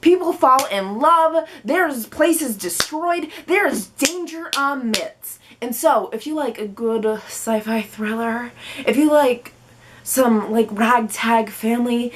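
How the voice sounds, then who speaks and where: A woman's voice: high-pitched, takes it slowly, slight background noise. A young woman in her twenties, chatting to the camera about books in a bubbly, playful way and slipping into silly voices. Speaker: book vlogger. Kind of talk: casual chat to camera.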